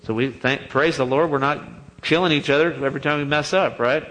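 A man preaching a sermon to his congregation, telling the story in a lively, joking way and acting out the quoted lines in a raised voice. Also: medium pitch, fairly quick, slight background noise, poor audio. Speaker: pastor.

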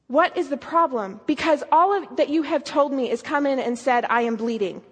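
A woman giving an earnest sermon, telling a story and asking emphatic questions. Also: high voice. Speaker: speaker. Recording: long hall reverb.

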